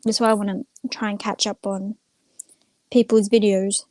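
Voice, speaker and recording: A woman's voice: mid-range voice, level tone, moderate pace, darkish tone, no room sound. A young woman chatting casually on a livestream, rambling and retelling stories with lots of "I'm like.". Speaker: streamer.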